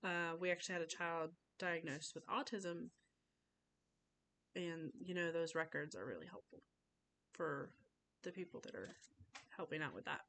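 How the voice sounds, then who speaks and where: A woman's voice: sits low, moderate pace, pauses often, fairly bright tone, a little hiss or hum. A young woman giving an informal class speech, chatty, often acting out little conversations in voices.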